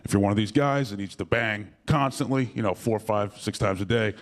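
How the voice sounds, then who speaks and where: A man's voice: fairly low pitch, fairly quick. A young man performing a stand-up comedy set in a comedy club, rambling and profane with lots of fillers and self-mockery. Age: young adult.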